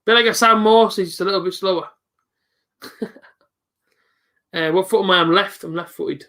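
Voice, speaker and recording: A young man hosting a live football reaction stream, chatting casually with viewers and breaking into excited shouts at big moments. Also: sits high, moderate pace. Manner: chatty, jumps to excited shouting at goals, reads out viewer comments.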